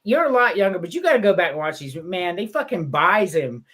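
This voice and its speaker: A man co-hosting a podcast, recounting stories in a profane, laughing rush. His pitch is lively and keeps swinging up and down as he gets carried away. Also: fairly quick. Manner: animated, profane storytelling with laughter. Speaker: podcast co-host. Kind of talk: casual podcast chat.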